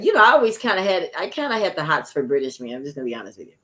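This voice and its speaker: A woman's voice: deep voice, big pitch swings, very fast, pushed and bright. A woman hosting a talk show, speaking in an emphatic, preacher-like way with encouraging declarations and laughing asides.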